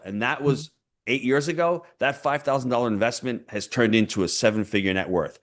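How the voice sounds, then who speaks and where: A middle-aged man, a real estate investor appearing as a podcast guest, telling stories in an animated, emphatic way with punchy phrasing. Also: medium pitch, fairly quick. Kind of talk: podcast interview.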